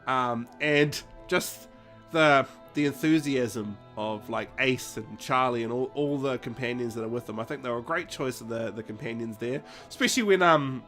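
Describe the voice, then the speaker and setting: A man's voice: medium pitch, normal speed, a bit bright, faint music behind. A man co-hosting a fan podcast, chatting eagerly, laughing often and acting out quoted lines. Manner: enthusiastic, laughing, acts out quotes. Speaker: podcast co-host. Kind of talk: casual chat.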